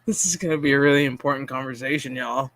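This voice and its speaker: A man's voice: mid-range voice, steady tone, fast talker, a bit bright, dry recording. A man hosting a stream, ranting in casual, profanity-heavy commentary with a sarcastic, exasperated manner and frequent stammered restarts. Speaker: streamer host.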